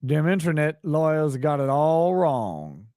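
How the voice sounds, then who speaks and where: A man's voice: a little high, sing-song, a little slow, mellow, no room sound, studio quality. A man voicing a folksy Southern trial lawyer with a South Carolina accent, addressing a jury in a drawling, oratorical way. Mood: mock solemn.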